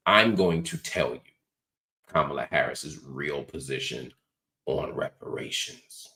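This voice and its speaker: A man's voice: very deep voice, unhurried. A middle-aged man hosting a talk show, chatting casually and reading viewer comments aloud. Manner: relaxed, conversational, reads viewer comments aloud. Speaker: show host.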